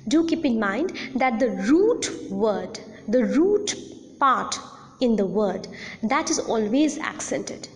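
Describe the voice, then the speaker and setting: A woman giving a recorded audio lecture, explaining slowly and deliberately with repeated examples. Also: fairly high pitch, lively intonation, long reverb tail, a little hiss or hum.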